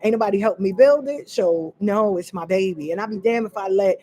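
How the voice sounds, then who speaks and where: A woman speaks her mind to her viewers in a fiery, unscripted monologue. Her voice sits at an ordinary middle pitch, and she is blunt and profane, hammering her points home by repeating them. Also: a little fast, dark tone. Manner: blunt and profane, with emphatic repetition; fiery and direct, addressing listeners as y'all. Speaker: vlogger sharing personal experience.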